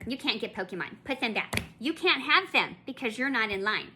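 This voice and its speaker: A woman mimicking a bossy, nosy female store clerk in a shrill, scolding tone while she tells a story. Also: animated, brisk, bright, forceful tone.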